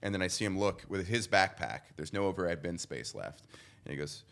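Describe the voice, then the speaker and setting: A man's voice: low-pitched, expressive, brisk, vocal fry, a bit bright. A young adult man, a guest comedian, telling a story on a podcast and acting out the people in it.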